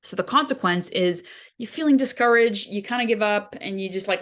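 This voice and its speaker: A woman's voice: mid-range voice, fairly quick, fairly bright tone. A woman hosting a wellness podcast as a dietitian, explaining ideas in a casual, conversational way with everyday examples. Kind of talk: casual teaching monologue.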